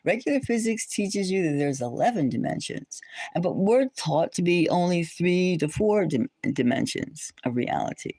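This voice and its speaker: Rambling indignant woman, low lively voice. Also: normal speed, dry recording. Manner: rambling, many restarts and fillers; indignant, rhetorical questions. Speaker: tarot channel host. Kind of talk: livestream chat monologue.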